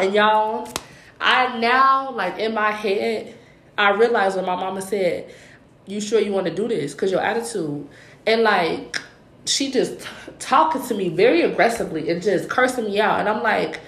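A young woman, co-hosting a podcast, telling a heated story in a lively, swearing chatty way. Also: medium pitch, moderate pace. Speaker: podcast co-host. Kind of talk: casual chat. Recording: roomy echo with faint hiss.

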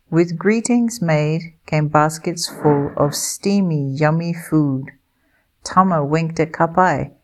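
A woman with a deep, low voice narrates a children's picture book aloud. She reads slowly and clearly, gently pacing each line for listeners learning English.

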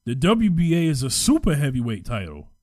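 A man co-hosting a casual chat, animated when excited and trailing off quietly while he checks facts. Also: on the high side, fairly quick, no room sound, clean studio sound.

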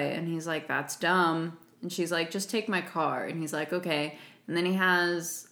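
A woman's voice: deep voice, steady tone, measured pace, a bit bright. A woman co-hosting a podcast, chatting casually and laughing as she recaps a movie plot. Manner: chatty, laughs often, acts out quotes. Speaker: podcast co-host. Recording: echoey room.

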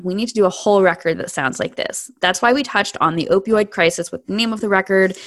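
A woman's voice: lowish voice, fairly bright tone, dry recording, clean studio sound. A woman hosting a music podcast, talking in a conversational, explanatory way with many fillers. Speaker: podcast host. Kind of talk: casual podcast chat.

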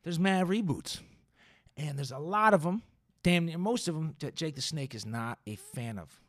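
A man's voice: on the high side, lively intonation, normal speed, dry recording. A man hosting a podcast, ranting casually and profanely, with wry asides and some muttered lines. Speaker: podcast host.

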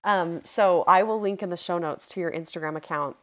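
A woman's voice: fairly low pitch, brisk, a bit bright. A woman hosting an interview podcast, responding in an affirming way and often repeating words as she talks. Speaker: podcast host.

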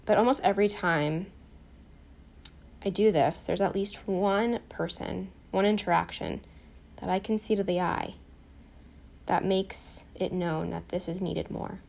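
A woman guiding a self-compassion meditation, soft, calm and encouraging, telling a short personal story. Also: medium pitch, unhurried, creaky. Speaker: meditation guide.

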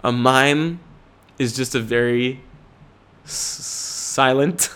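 A man's voice: medium pitch, drawn-out words, fairly bright tone, smooth. A man in his twenties hosting a podcast, rambling in goofy, profane chat and slipping into silly voices. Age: 20s. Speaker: podcast host.

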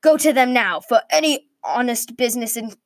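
Sir Edgar, a gruff head knight, by a woman. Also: a little high, animated, moderate pace, no echo, clean studio sound, voice pushed up, natural voice. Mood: commanding. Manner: commanding, archaic speech. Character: gruff older male head knight, imperious.

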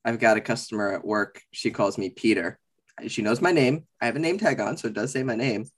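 A man's voice: mid-range voice, fairly quick. A man co-hosting a podcast in casual chat, playful and theatrical in how he talks. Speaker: podcast co-host.

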